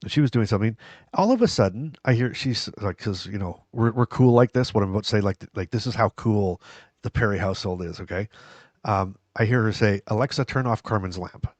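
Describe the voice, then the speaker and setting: A man's voice: on the low side, brisk, darkish tone, dry recording. A man co-hosting a podcast in casual chat, a rambling storyteller who laughs often. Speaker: podcast co-host. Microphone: headphones and studio mic.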